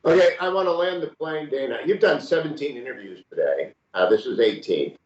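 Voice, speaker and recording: A man's voice: medium pitch, expressive, fairly quick. A man in his sixties hosting an interview, steering the talk with direct questions. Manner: steering, direct, gives pointed follow-up questions. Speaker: host. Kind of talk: conversational interview. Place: room, remote video call. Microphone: video call mic. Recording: roomy, dull video call audio.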